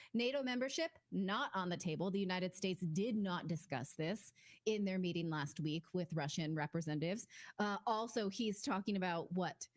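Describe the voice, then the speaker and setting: Firm, matter-of-fact woman co-hosting news. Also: mid-range voice. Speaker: news show co-host. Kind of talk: conversational news commentary.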